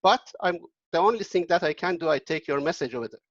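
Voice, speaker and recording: A kindly old-time merchant speaks earnestly to his beloved parrot, as a storyteller puts him on. The slightly high voice halts and restarts. The sound is dry and somewhat dull. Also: expressive, fast talker, no echo.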